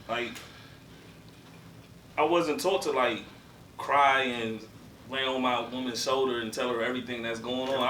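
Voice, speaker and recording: Laid back guy, kinda hesitant, bright tone, echoey. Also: medium pitch, slight background noise. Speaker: guest. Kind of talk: casual group discussion. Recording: echoey room, mic far off.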